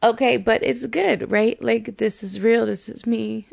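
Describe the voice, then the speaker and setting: Woman, 40s, podcast host, confessional monologue, unhurried, raspy fry, candid and profane. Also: on the high side, steady tone, darkish tone. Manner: earnest, candid, slow and deliberate; frank and profane, breaks into laughter.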